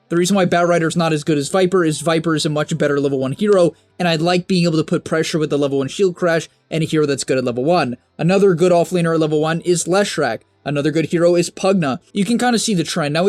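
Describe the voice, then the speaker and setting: A young man rattles through a game guide with emphatic energy, his slightly high voice jumping even higher when he stresses a point. The recording is close and dry, with faint music underneath. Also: no echo. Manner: fast, emphatic, with bursts of high pitch. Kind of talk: energetic strategy guide narration.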